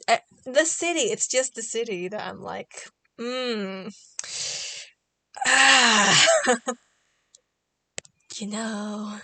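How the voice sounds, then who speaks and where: A woman's voice: mid-range voice, fairly bright tone. A woman streaming from her bedroom, chatting casually while she draws, musing aloud and doubting her own work in half-finished sentences. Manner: musing, self-critical, trailing off.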